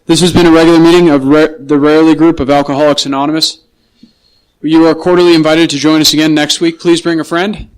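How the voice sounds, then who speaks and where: A man's voice: fairly high pitch, flat delivery, fast talker, rough recording. A man chairing a recovery meeting, reading the closing announcements and stumbling over names.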